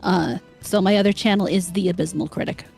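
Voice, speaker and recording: A woman guesting on a podcast in casual chat, with dry, deadpan humor. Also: medium pitch, a little fast, vocal fry, soft background music.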